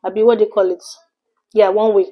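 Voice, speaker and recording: A young adult woman from Nigeria, telling an animated storytime vlog and slipping in pidgin phrases. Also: mid-range voice, fairly quick, phone-quality sound. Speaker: vlogger.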